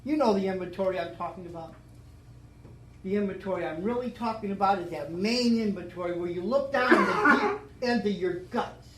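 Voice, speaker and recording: A man's voice: sits high, brisk, roomy sound, heavy background noise. Emotional older man telling his recovery story. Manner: emotional, repetitive storytelling with many restarts. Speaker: AA speaker. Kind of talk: recovery talk to a meeting.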